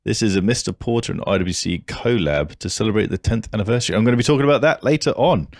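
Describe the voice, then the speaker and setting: A man's voice: on the low side, animated, quick pace, no echo, clean studio sound. A man co-hosting a casual podcast chat, blunt and sweary as he talks. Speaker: podcast co-host.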